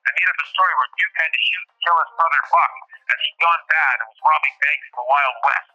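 A man hosting a podcast, reading his own memoir aloud in a steady, formal way. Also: fairly high pitch, quick pace, lo-fi sound. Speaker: podcast host.

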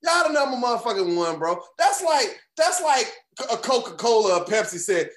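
A man co-hosting a casual wrestling podcast from home, talking in an animated, profane way with many repeats and restarts. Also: very high voice, fairly quick, hardly any pauses, roomy sound. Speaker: podcast co-host. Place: home room.

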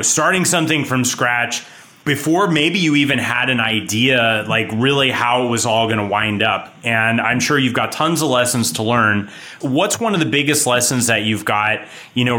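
Bright-voiced, upbeat podcast host, a man. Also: mid-range voice. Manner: energetic, chatty, laughs often.

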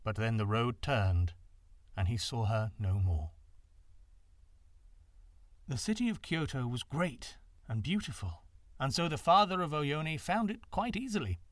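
Expressive man narrating a folktale. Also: on the high side, no room sound, studio quality. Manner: expressive, dramatic. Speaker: storyteller. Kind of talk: scripted storybook narration.

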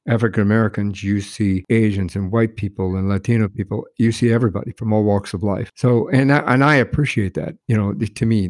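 A man's voice: fairly low pitch, darkish tone, dry recording, clean studio sound. A man in a conversation who responds agreeably and affirmingly, repeating his words now and then. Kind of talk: conversational discussion.

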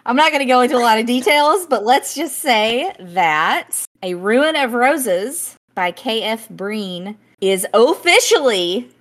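A woman's voice: on the high side, expressive, measured pace, few pauses, fairly bright tone. A woman co-hosting a book podcast, talking in a giggly, self-conscious, rambling way with many fillers. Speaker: podcast co-host. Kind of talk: casual book review chat.

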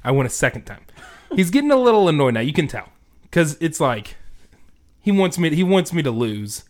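A man's voice: fairly high pitch, sing-song, a little fast. A young man in casual chat, telling stories in a laid-back way and laughing often.

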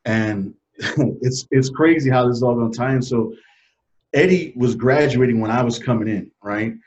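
A man in his forties telling a personal story as an interview guest, earnest and halting, getting choked up and dropping his voice low and soft. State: emotional, choked up. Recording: dull lo-fi audio.

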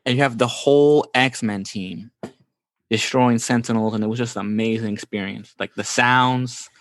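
Telling stories from his childhood, a forties-aged man from the Bronx keeps it easygoing and slangy, often dropping "bro." He speaks at normal speed in a medium pitch, sounding close and dry with no room around him.

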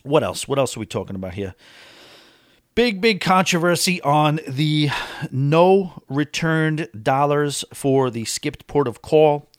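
A man's voice: fairly high pitch, lively intonation, a little slow, dry recording, clean studio sound. A man vlogging about a cruise in a casual, opinionated monologue, talking with emphasis.

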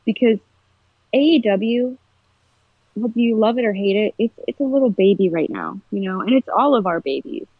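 A woman's voice: medium pitch, animated, normal speed, no room sound. A woman chatting casually on a podcast, telling a story with emotion and animation. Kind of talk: casual chat. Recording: husky voice over a tinny phone-like line.

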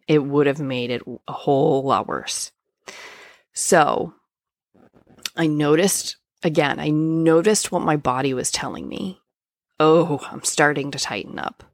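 A woman's voice: sits low, no echo, studio quality. A woman who works as a coach, frankly and conversationally telling a personal story, with plenty of fillers and casual swearing. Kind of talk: candid personal storytelling monologue.

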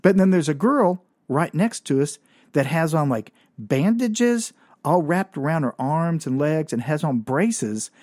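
Dude telling a funny work story, laid back slangy, dry close sound. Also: male voice, a little high, very animated, measured pace, darkish tone, no room sound. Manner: casual, slangy, wry. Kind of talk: comic personal storytelling.

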